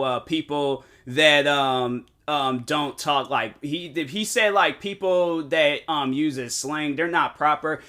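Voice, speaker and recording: Young guy telling a story on his stream show, bright voice, lots of like and um, slangy. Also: fairly high pitch. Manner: animated, slangy, many fillers and restarts. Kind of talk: casual storytelling.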